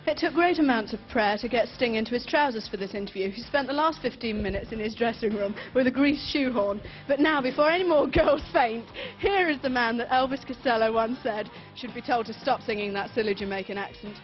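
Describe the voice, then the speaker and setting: A woman's voice: a little high, fairly quick, few pauses, soft background music. A woman presenting a TV show and interviewing a guest in a cheeky, teasing way. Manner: cheeky, playful, mocking. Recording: dull 1980s TV sound.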